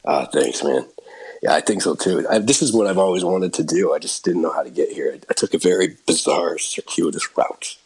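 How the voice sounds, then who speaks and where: A man's voice: sits low, expressive, moderate pace, darkish tone, breathy edge, rough recording. A middle-aged actor telling a long anecdote in a casual interview, laughing and restarting as he goes. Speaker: actor and guest.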